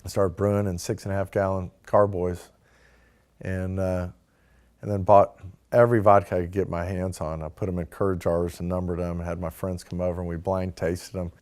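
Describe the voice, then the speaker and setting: A man's voice: low voice, flat delivery, moderate pace, darkish tone. A man in a casual interview, telling how he founded a distillery, full of "like" and "you know" and acting out what other people said. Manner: acts out quoted dialogue, fillers like "like" and "you know". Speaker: distillery founder telling his start-up story.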